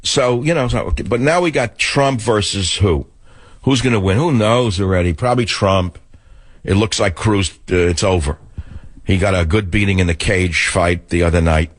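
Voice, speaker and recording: Older New man, low voice, rambling sarcastic radio monologue. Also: moderate pace, no room sound. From the Bronx, New York. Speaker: talk radio host.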